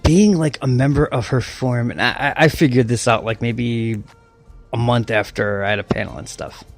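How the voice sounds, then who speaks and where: A middle-aged man rants casually in a rambling, mocking way, tripping over his own restarts and swearing freely. His voice sits at an ordinary middle pitch, with faint music playing behind him. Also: fairly even intonation, moderate pace, gravelly. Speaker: online commentator. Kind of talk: casual rant.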